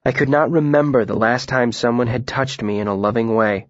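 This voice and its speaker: Quiet, reflective male narrator. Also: medium pitch, steady tone, brisk, dry recording, lo-fi sound. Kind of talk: audiobook narration.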